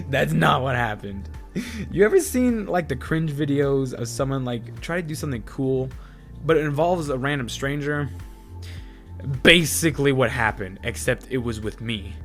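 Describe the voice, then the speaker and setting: A man telling stories in a casual vlog, excitable and self-deprecating, with lots of fillers. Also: medium pitch. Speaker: vlogger.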